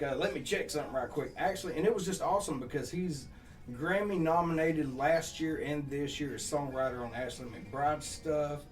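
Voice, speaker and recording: A male songwriter guest from Southeast Georgia, speaking with a Southern accent in a slightly high voice, tells rambling, profane stories full of laughter during a casual chat.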